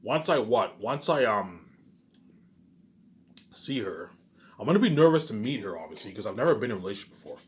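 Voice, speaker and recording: A man's voice: on the low side, sing-song, brisk, long pauses. A man in a rambling, profane solo monologue to his viewers, repeating "obviously" and "you know what I'm saying" again and again. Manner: profane, emphatic and grandiose. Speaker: channel host.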